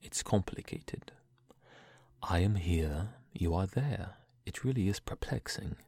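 A young man reading poems aloud in a soft, slow, breathy whisper, in the style of ASMR. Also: deep voice, animated, no room sound. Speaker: poetry reader.

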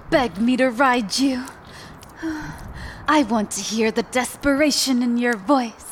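A proud, horned reptilian warrior queen speaks in a commanding, sultry drawl, voiced by a woman in an adult audio role-play. Her delivery is extremely slow and unhurried, sitting a little high, and she lingers over every word. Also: slight background noise. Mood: teasing, commanding.

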